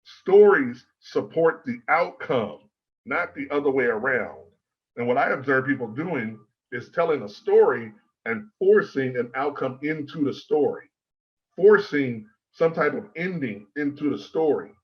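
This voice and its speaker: Measured, emphatic male presentation coach. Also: mid-range voice, expressive, highs cut off. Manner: measured and emphatic, lists in threes. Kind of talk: prepared presentation.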